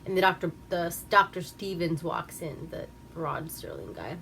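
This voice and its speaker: A woman's voice: on the low side, very animated, normal speed, gravelly, fairly bright tone, a little hiss or hum. A woman giving a rambling, profane, casual recap of an old movie and laughing at herself. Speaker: movie reviewer.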